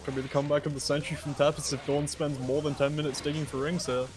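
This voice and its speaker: A man's voice: on the high side, little pitch movement, fast talker. A man co-commentating a live speedrun match, laying out the strategic options for each player. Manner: analytical, points out options and strategy.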